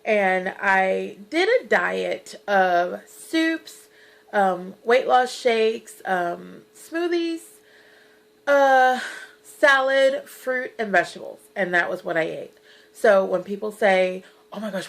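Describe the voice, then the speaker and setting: Her mid-range voice is creaky yet fairly bright, expressive, and unhurried, though the audio is poor. A woman in her thirties, she vlogs earnestly about her weight loss, urging viewers on with lots of fillers and turning tearful at moments.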